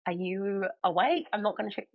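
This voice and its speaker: A woman's voice: medium pitch, fairly quick, creaky, narrow, tinny audio. A young woman with a New Zealand accent, a podcast guest telling a personal story in casual chat and acting out what people said. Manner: animated storyteller, acts out quoted lines.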